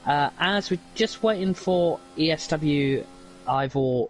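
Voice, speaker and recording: Glitchy robotic-sounding co-commentator. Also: male voice, fairly high pitch, slow, slight background noise, low-quality recording. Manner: rambling, filler-heavy analysis. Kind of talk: esports race commentary. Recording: robotic glitchy stream audio.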